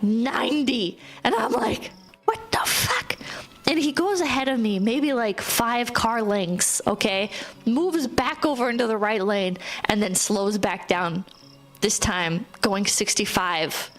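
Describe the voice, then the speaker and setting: A woman streamer telling a story in casual live-stream talk, animated and profane, filling her speech with "like" and reading viewer messages between stories. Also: medium pitch. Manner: animated, profane, ranting with frequent "like" fillers.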